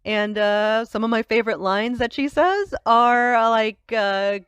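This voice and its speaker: Casual voice actor intro, bright lively woman, dry sound. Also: on the high side, measured pace, smooth, no room sound.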